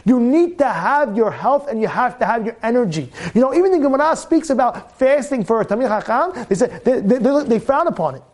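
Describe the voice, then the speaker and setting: Man, very high voice, swooping lively intonation, Torah class, emphatic repetition, quizzes the audience. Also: a little fast, hardly any pauses. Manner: emphatic, repeats phrases, fires questions at listeners. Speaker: Torah teacher.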